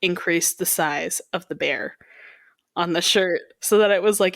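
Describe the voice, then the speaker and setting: A woman's voice: fairly low pitch, a little slow, gravelly, fairly bright tone, no room sound, studio quality. Teasing, giggly young woman co-host. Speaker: podcast co-host. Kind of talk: casual chat.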